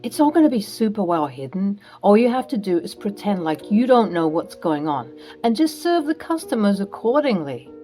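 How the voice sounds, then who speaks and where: A woman's voice: mid-range voice, very animated, moderate pace, hardly any pauses, dark tone, soft background music, close to an everyday voice. A woman voicing a scheming stepfather, a middle-aged man who blusters defensively.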